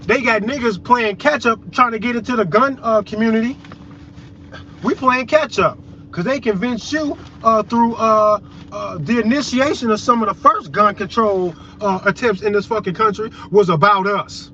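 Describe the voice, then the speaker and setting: A man's voice: high-pitched, normal speed. A man delivering a heated, profane, confrontational rant straight to his viewers. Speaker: vlogger. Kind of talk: ranting monologue to viewers. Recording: dull lo-fi audio with loud road noise.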